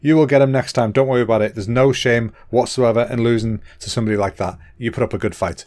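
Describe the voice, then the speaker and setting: A man, hosting a casual solo podcast in a chatty, excitable way, slightly out of breath and clearing a clogged throat. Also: mid-range voice, fast. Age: 30s. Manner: chatty and excitable, with fillers and restarts. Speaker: podcast host.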